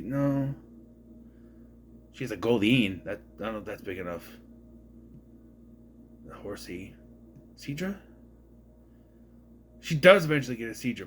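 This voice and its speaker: A man's voice: mid-range voice, fairly bright tone. A man from Minnesota recapping a movie in a casual, rambling way, correcting himself and adding wry asides. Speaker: movie reviewer.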